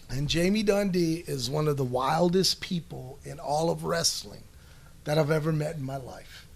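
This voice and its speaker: Brief: middle-aged podcast guest, high gravelly voice, loose rambling storyteller. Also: male voice. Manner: rambling, swears, many restarts and fillers. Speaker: podcast guest answering listener questions. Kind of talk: casual storytelling chat.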